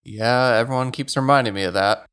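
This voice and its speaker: A man's voice: medium pitch, fairly quick, fairly bright tone, smooth. Laid-back sarcastic man playing. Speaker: player. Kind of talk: casual tabletop play.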